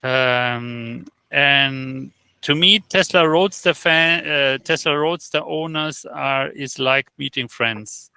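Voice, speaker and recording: Gravelly, bright-voiced man telling stories. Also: medium pitch, dry recording. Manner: halting, with many fillers and restarts; animated storyteller who acts out quoted exchanges. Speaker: interview guest. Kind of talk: casual interview chat.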